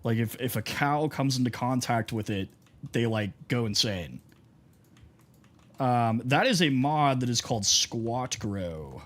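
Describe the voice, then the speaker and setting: A young Texan streamer chats casually while gaming, his medium-pitched voice animated, a little slow and slightly bright. He rambles through stories, heavy on fillers.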